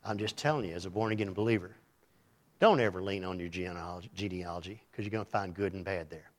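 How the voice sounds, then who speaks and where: A man preaching a sermon in a folksy, teasing way, swinging between loud and hushed delivery. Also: sits low, fast. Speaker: pastor.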